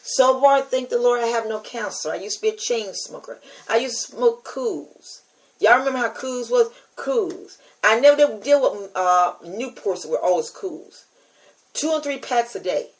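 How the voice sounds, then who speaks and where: With a fairly high pitch and lively intonation, an older American woman preaches on her own podcast at a moderate pace. It's a casual monologue aimed right at listeners, emphatic, repetitive, and testifying, captured on a rough recording.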